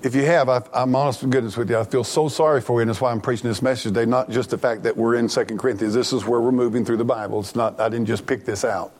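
A man's voice: mid-range voice, steady tone, quick pace, hardly any pauses, a little mellow. A middle-aged man preaching a sermon as pastor, earnest and plainspoken, often restarting his sentences.

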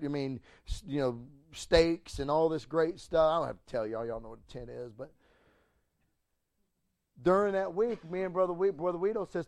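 A middle-aged pastor with a slightly high voice tells a story during a sermon, swinging animatedly between loud and hushed and restarting with stammers. The recording is dry.

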